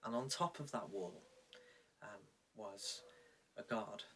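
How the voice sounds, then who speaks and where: A man preaching a reflective sermon, telling a story with measured pauses. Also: lowish voice, sharp tone, distant mic, slight background noise. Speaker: pastor. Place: indoors, recorded for online church.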